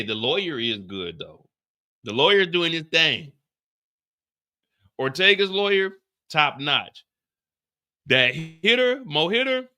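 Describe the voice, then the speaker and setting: A man hosting a live TV after-show, ranting in an animated, profane way. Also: fairly high pitch. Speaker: host.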